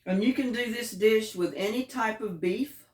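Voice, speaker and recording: A woman's voice: on the high side, moderate pace, darkish tone, husky, no room sound. Chatty woman cooking at home. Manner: homey, chatty, savoring food with murmurs. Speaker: cooking and gardening vlogger. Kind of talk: casual home vlog chat.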